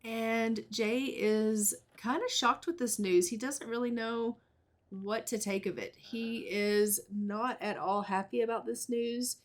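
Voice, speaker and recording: A woman's voice: a little high, steady tone, takes it slowly. A woman narrating a life-sim game in a chatty, storytelling way. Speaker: let's play narrator.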